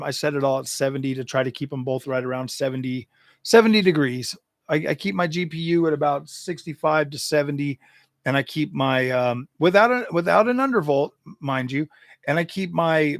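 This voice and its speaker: Hosting a tech channel in a casual livestream chat, a man talks animatedly and sounds exasperated, often stammering and repeating himself. His voice is a little high with vocal fry, captured as clean studio sound with no echo.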